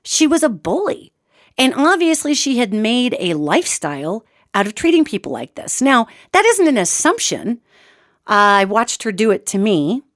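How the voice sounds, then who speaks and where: A woman hosting her own radio show, telling a dramatic personal story as a lively monologue that swings between loud outbursts and quiet asides, calling her listeners "gang". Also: on the high side, normal speed, no room sound, clean studio sound.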